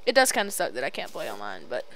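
A woman's voice: extremely low pitch, wildly swooping pitch, fast, fairly bright tone, poor audio. A young woman chatting casually over a voice call while playing a game, teasing her friend and taunting enemies on screen. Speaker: gamer recording a let's play.

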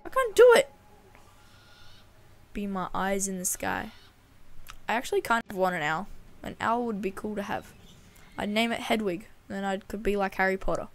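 A woman's voice: medium pitch, fairly even intonation, normal speed. A woman with an Australian accent giving chatty, playful let's-play commentary and talking back to the game characters. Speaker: gaming channel host.

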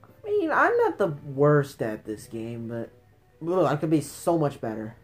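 A woman's voice: deep voice, huge pitch swings, measured pace, faint music behind. A woman giving let's play commentary, taunting enemies and shrieking in frustration at the game. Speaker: gamer playing retro games.

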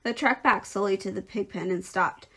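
A woman teacher reading a children's novel aloud in a clear, expressive storytelling voice. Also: mid-range voice, moderate pace.

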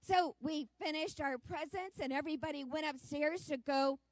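A woman's voice: high-pitched, steady tone, normal speed, no room sound. Earnest woman telling a sermon story. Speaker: church speaker. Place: church service.

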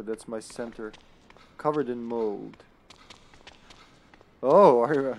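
Over slight background noise, a man with a mid-range voice narrates his online co-op gameplay in a casual, live way. He reasons aloud and chuckles, breaking out in abrupt bursts of excitement.

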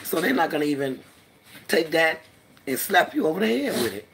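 A woman vlogger in a heated trash-talk monologue, brash and profane, mocking and laughing as she goes, dropping to low mutters and then bursting out loud. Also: big pitch swings, fairly quick, creaky, a little hiss or hum. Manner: mocking, laughs through her words.

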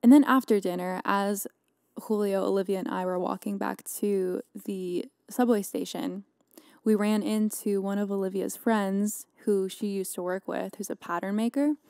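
A woman's voice: medium pitch, steady tone, normal speed, creaky, darkish tone, clean tone, no room sound, studio quality. A young woman hosting a podcast, telling a rambling casual story full of "like" fillers. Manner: rambling, chatty, lots of "like" fillers. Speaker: podcast host.

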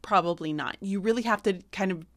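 A middle-aged woman teacher chats in a relaxed vlog about books she loves to read to her class. She sounds enthusiastic and talkative, trailing into fillers and restarting her sentences, at an ordinary mid-range pitch. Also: brisk. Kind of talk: casual book-recommendation vlog.

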